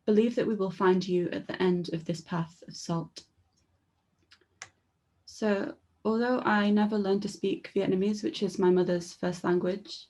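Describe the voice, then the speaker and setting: A soft-spoken woman introduces her poems with a few brief fillers, then reads them in a measured voice. She is at home and comes through a video call. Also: mid-range voice. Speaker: poet. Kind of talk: poetry reading with spoken introductions. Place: at home, indoors.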